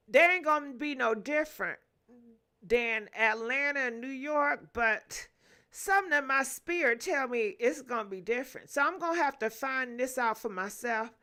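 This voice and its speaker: A young woman, chatting loosely on a gossip livestream. Her voice sits high and rings bright. She laughs a lot and hums between viewer comments. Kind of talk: casual livestream chat reading viewer comments.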